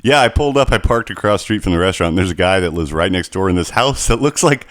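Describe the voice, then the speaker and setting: A man co-hosting a casual podcast, telling animated stories with plenty of swearing. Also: deep voice, quick pace, no echo, studio quality. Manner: animated storytelling, heavy swearing. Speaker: podcast co-host.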